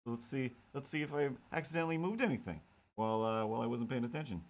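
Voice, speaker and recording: A man with a medium-pitched voice talks fast while live streaming himself drawing cat comics. He rambles and jokes with his viewers and himself in a casual chat.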